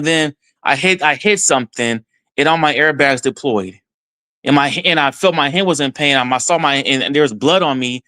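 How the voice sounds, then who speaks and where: A man from Texas, a podcast guest, telling a story in an excited first-person way and voicing his own thoughts along the way. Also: on the high side, no room sound. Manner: excited, retells events with quoted self-talk.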